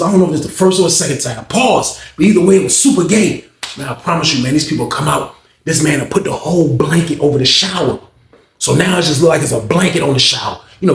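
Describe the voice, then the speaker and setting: A man's voice: a little high, gravelly, roomy sound. A man telling a story in a loose, casual way, full of slang, with "man" and "bro" at the end of his lines. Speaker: storyteller recounting prison life.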